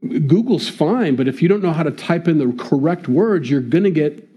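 A man's voice: fairly high pitch, lively intonation, moderate pace, mellow, husky, dull audio. A man preaching a conversational sermon, asking his listeners rhetorical questions. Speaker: pastor.

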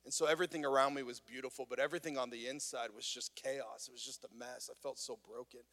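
A man's voice: mid-range voice, steady tone, fast talker, a bit bright. A man, a pastor, preaching a conversational and earnest sermon. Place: worship venue. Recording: long reverb of a church hall.

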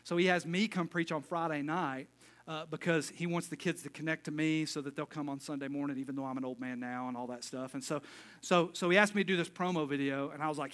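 A middle-aged man preaches a relaxed, folksy sermon as pastor. He jokes with the congregation between his points. His voice sits a little high and sounds bright and clear. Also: fast. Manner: folksy, joking asides, casual sermon talk.

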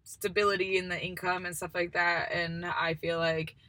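A woman's voice: lowish voice, flat delivery, normal speed, pushed and bright, no echo. A woman in her twenties hosting a casual solo chat, rambling with many fillers. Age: 20s. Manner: chatty, rambling, lots of "like" and "um". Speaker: podcast host.

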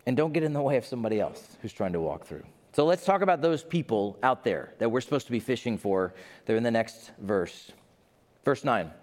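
A pastor in his fifties preaching a sermon, animated and acting out the voices he quotes. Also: medium pitch, fairly quick. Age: 50s. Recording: long reverb of a large hall.

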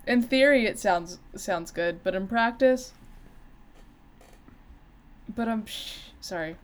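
A woman's voice: medium pitch, slow pace, a little hiss or hum. A woman co-hosting a podcast in casual chat, joking, swearing casually and laughing often. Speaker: podcast co-host.

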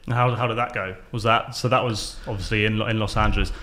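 A man's voice: lowish voice, fairly even intonation, fast, sharp tone. A man hosting an interview, asking short, hesitant follow-up questions. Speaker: interviewer, podcast host.

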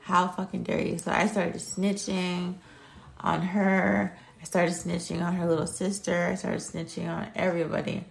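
Blunt young woman with a gravelly voice. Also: on the low side, flat delivery, measured pace. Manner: blunt, swears freely, rants. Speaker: vlogger. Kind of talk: casual chat. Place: at home.

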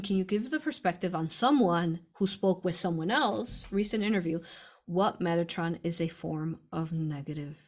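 Casual woman host, low-ish voice, laughs a lot, talks straight to viewers. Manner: chatty, laughs often, addresses listeners as "you all". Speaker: spiritual channeler hosting a live stream. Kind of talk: casual spiritual talk answering viewer questions.

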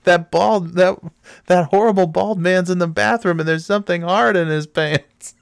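A man voicing a little girl tattling to her mother in a shrill, whiny tone. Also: normal speed, creaky, clean tone, dry recording, studio quality.

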